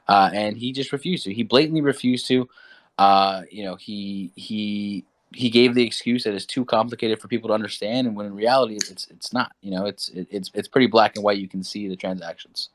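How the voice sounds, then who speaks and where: A man's voice: on the low side, fairly even intonation, a little fast. A man in a casual group voice chat, earnest and stumbling over restarts while recounting work. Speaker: project team member.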